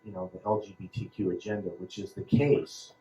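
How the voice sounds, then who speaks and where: A man in his fifties from Southern California giving a halting personal account as a panel speaker, full of ums and restarts. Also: low voice, flat delivery, mellow, poor audio. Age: 50s.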